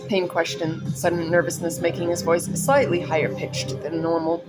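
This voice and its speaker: A woman with a fairly low voice reads her own story aloud, over clear background music. She reads casually and chats in between, stepping out of the story for little personal asides. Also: flat delivery, normal speed. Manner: chatty, breaks off into personal asides and laughs at her own stumbles.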